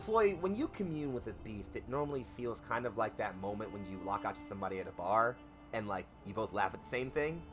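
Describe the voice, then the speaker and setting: A man's voice: fairly low pitch, big pitch swings, fast. A male game master narrates a tabletop game in a loose, rambling way, filling his sentences with "like" and "sort of". Faint music plays underneath. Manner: rambling, filler-heavy description.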